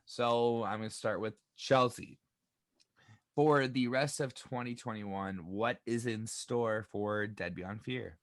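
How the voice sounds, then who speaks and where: A man's voice: lowish voice, fairly even intonation, takes it slowly, dry recording. A man co-hosting a casual band interview, asking questions in a loose, chatty way with lots of fillers. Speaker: co-host interviewer.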